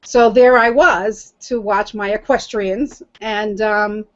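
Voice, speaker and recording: A middle-aged woman telling her story as an interview guest, animated and laughing often as she acts out what others said. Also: mid-range voice, takes it slowly, muffled recording.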